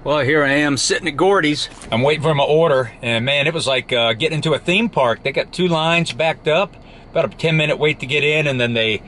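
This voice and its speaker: A man's voice: fairly high pitch, brisk, fairly bright tone, a little hiss or hum. Enthusiastic Midwestern man vlogging outdoors. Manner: enthusiastic, exclaiming over food. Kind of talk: casual vlog narration.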